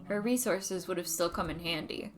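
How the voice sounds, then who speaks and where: A woman voicing a grave older man plotting in secret, reading game dialogue aloud in a solemn, measured way. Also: on the low side, a little hiss or hum, pitched below the performer's own voice, close to an everyday voice.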